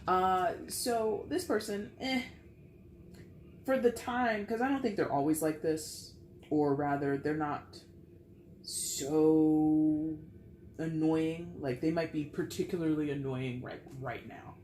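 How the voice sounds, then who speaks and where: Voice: mid-range voice, steady tone, takes it slowly, a little mellow, roomy sound, a little hiss or hum. A tarot reader giving a casual, rambling reading, full of fillers and blunt, salty language.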